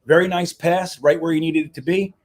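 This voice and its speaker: A man's voice: on the high side, steady tone, a little fast. Rambling, swearing livestream host, man. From United States. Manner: loose, rambling, swears casually. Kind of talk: casual livestream commentary.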